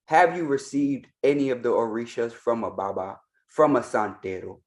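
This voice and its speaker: A man's voice: medium pitch, normal speed. Emphatic man repeating his points. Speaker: Ifa priest and reaction commentator. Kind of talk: reaction commentary.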